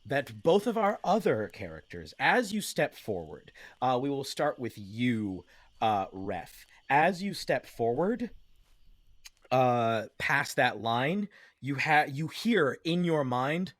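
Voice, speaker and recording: A man narrating as game master, halting with many fillers. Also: medium pitch, big pitch swings, fairly bright tone, no echo.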